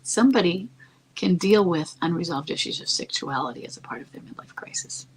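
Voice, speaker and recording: A woman giving marriage-coaching advice in a soft, calm, often near-whispered delivery that stays earnest and reassuring. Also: lowish voice, fairly quick, a little hiss or hum, poor audio. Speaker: marriage coach answering a listener's question. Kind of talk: advice talk.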